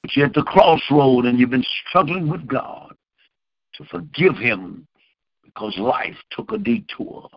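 A man's voice: mid-range voice, very animated, a little slow, vocal fry, dry recording, muffled recording. A man preaching and praying as pastor, with fervent pleading questions. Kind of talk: sermon and prayer.

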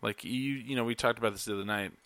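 A man co-hosting a casual podcast chat, relaxed and halting, often repeating himself. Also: mid-range voice, dry recording. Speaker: podcast co-host.

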